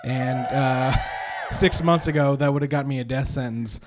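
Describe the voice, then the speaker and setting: A man's voice: medium pitch, moderate pace, noisy background. A young man doing live stand-up comedy at a brewery show, telling rambling self-deprecating stories with lots of "uh" and restarts.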